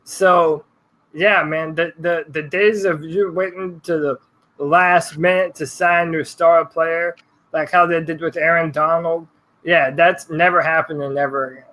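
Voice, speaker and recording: A man's voice: a little high, fairly even intonation, measured pace, pushed and bright, rough recording. A man co-hosting a casual sports podcast, giving blunt opinions in a laid-back way with some mild swearing. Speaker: podcast co-host.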